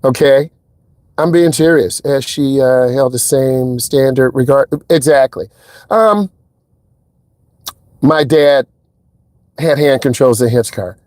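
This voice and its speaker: A man talking casually as a driving instructor inside a car, telling stories in a lively way and acting out what people said. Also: slow, long pauses, no room sound. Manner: animated storyteller, acts out quotes in a higher voice. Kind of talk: casual vlog talk.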